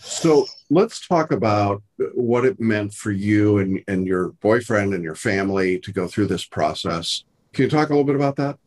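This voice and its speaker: Male interviewer, husky low voice, calm and supportive delivery. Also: normal speed, hardly any pauses. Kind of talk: interview questions.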